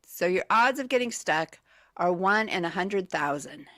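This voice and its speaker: A woman's voice: lowish voice, expressive, measured pace, a bit bright, no room sound. A woman co-hosting a morning radio show, playfully reading out trivia clues and giggling with her partner at a studio microphone.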